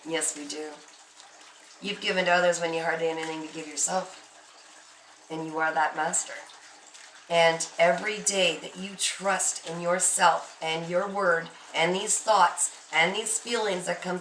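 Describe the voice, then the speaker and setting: A woman's voice: on the low side, a bit bright, recorded from a distance. A woman giving a spiritual tarot reading, speaking emphatically and reassuringly straight to the listener. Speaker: tarot card reader. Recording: echoey room, off-mic, faint noise.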